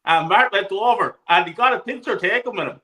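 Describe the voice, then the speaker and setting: Irish man, high and bright voice, animated football host, swears freely, on a video call. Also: quick pace, low-quality recording. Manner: animated, swears freely, laughs mid-story. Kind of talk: casual chat, storytelling.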